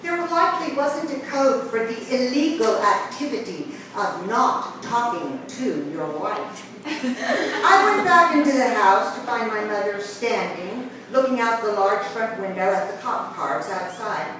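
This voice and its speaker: Middle-aged woman telling a funny family story, slow and lively, echoey room from far off. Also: on the high side. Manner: wry, dry humor. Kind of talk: personal storytelling. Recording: echoey room from a distance with background noise.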